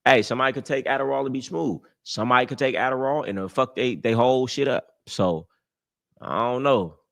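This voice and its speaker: A young man talks straight into his streaming mic, hosting a live show. He sounds brash and boastful, his talk full of profanity and street slang. His voice sits at an ordinary, mid-range pitch. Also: a little fast, gravelly, a bit bright. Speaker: livestream host.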